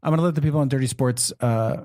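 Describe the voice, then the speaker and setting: A man hosting a podcast in casual chat, excitable and swearing. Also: mid-range voice, racing. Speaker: podcast host.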